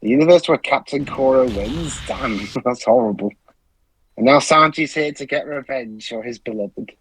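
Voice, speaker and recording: A man's voice: medium pitch, normal speed, breathy edge, rough recording. A man giving casual gaming commentary, dry and hesitant, with plenty of ums. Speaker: let's play commentator.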